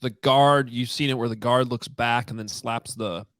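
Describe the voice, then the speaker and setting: A man's voice: mid-range voice, steady tone, normal speed, a bit bright, dry recording, clean studio sound. A man co-hosting a sports podcast in casual, chatty talk, often restarting his sentences. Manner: chatty, many restarts and fillers. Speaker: podcast co-host.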